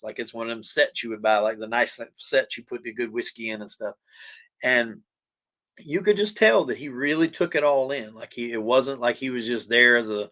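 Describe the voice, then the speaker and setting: Man, Southern US accent, bright clear voice, folksy casual storytelling, emotional. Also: medium pitch. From USA. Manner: plain-spoken, folksy, uses "man" and "you know". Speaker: podcast guest telling his story.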